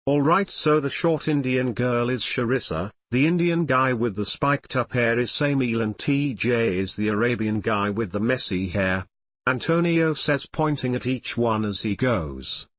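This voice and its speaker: A man reads a story aloud at an ordinary pitch, nudging the dialogue lines into light character voices. The recording is dry and close, with no room sound around him. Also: unhurried, a bit bright, dry recording. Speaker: reader. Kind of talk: reading fan fiction aloud.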